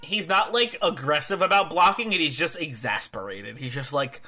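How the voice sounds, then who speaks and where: A man in casual chat about a wrestling match, excitable and full of "like" fillers and laughter. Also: fairly high pitch, normal speed. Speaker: podcast co-host.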